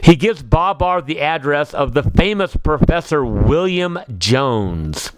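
A man reading a children's storybook aloud in a gentle, measured way, with the odd slip and self-correction. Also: fairly high pitch, lively intonation, no echo. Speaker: narrator.

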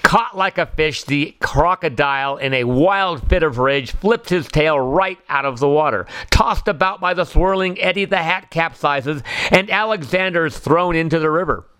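Smooth-voiced man reading a children's story. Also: fairly high pitch, moderate pace, few pauses, bright, forceful tone, dry recording. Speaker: storybook narrator. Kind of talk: scripted children's story narration.

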